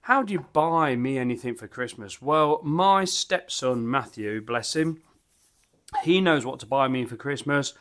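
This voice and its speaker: A man's voice: medium pitch, measured pace, fairly bright tone. A man, chatting enthusiastically and rambling as he reviews beer at his home bar. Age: 50s. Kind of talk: casual vlog chat.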